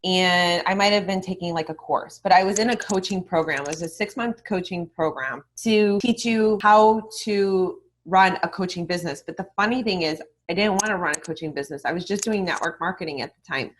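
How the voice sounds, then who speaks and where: A woman guest on a podcast talking in a candid, animated way. She swears freely and acts out remembered conversations. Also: fairly low pitch, fairly quick, few pauses, slight background noise. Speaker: guest, online marketing mentor. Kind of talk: casual interview talk.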